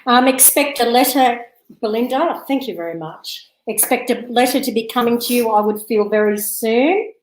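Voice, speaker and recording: A woman's voice: a little high, normal speed, roomy sound, a little hiss or hum, poor audio. A woman hosting a live psychic reading, chatty and giggly, calling viewers love and darling.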